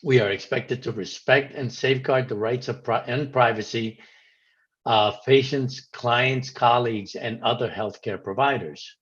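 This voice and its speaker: Low-voiced man giving a formal address. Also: husky, muffled recording. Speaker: medical director.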